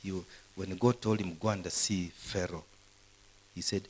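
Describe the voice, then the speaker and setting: A middle-aged man preaching a live sermon at a university, animated, swinging between loud bursts and soft asides. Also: sits low, a little slow, long pauses, breathy edge, low-quality recording. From Kenya. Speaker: pastor. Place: university hall, live service.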